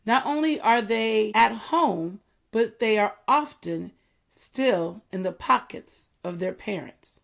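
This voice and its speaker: A middle-aged woman talks through her thoughts in an earnest, reflective monologue. She keeps a very slow, deliberate pace at an ordinary middle pitch. She often repeats a line more slowly so it sinks in. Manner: earnest, measured, repeats key points slowly. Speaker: podcast host. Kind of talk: reflective solo talk.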